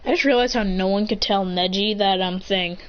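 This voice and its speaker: A woman casually retelling an imagined story, rambling and excitable, with sound effects and restarts. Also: mid-range voice, brisk, clear, resonant tone. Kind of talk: casual fan-fiction retelling. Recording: dull lo-fi home recording with faint hiss.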